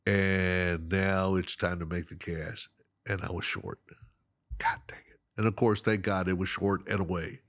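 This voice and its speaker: A middle-aged man telling fishing stories in casual chat, animated and laughing often, acting out the other people in them. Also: deep voice, unhurried, dry recording, clean studio sound. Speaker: guest. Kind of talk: casual storytelling.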